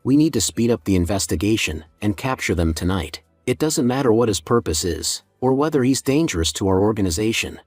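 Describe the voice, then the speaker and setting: A man's voice: fairly low pitch, lively intonation, brisk, few pauses, darkish tone, dry recording, soft background music. A man playing a ruthless commanding boss. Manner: firm, commanding. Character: firm, ruthless male organization boss.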